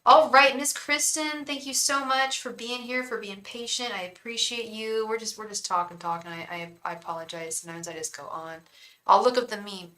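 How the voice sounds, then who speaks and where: In this low-quality recording, a woman with a fairly high, steady, bright and forceful voice talks at a moderate pace. She's a tarot reader chatting casually on a live stream, rambling, addressing viewers by name, calling them "girl" and "hun," and murmuring a repeated invocation as she shuffles the cards.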